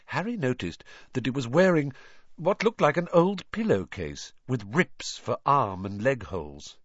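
A man's voice: mid-range voice, very animated, a little slow, dry recording. A man narrating a fantasy novel aloud as an audiobook reader. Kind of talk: scripted narration. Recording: dull lo-fi dry recording.

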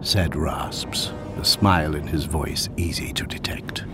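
A man narrating a dark science-fiction story in a scripted, hushed and dramatic delivery that at times drops near a whisper. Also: a bass voice, fairly even intonation, unhurried, noisy background. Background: music.

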